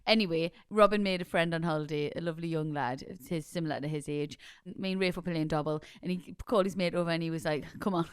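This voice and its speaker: A woman's voice: low-pitched, fast talker, hardly any pauses, clear, resonant tone, dry recording, studio quality. A woman co-hosting a comic podcast, chatting and teasing with frequent laughter. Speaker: podcast co-host. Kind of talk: casual comic chat.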